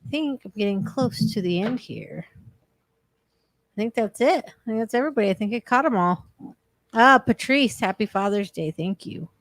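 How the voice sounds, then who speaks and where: A woman's voice: fairly high pitch, animated, moderate pace, no room sound. A woman co-hosting a recovery livestream in casual chat, greeting viewers by name and talking around a sore tongue. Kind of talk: casual live-stream chat.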